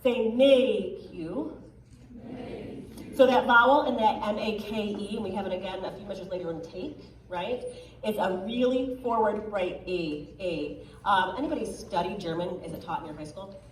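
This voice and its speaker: A woman coaching a choir as a guest clinician, upbeat and encouraging, giving quick directions. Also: mid-range voice, slight background noise. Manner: upbeat, encouraging, sometimes sings lines to demonstrate. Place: choir rehearsal room. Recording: echoey room from far off, faint ambience.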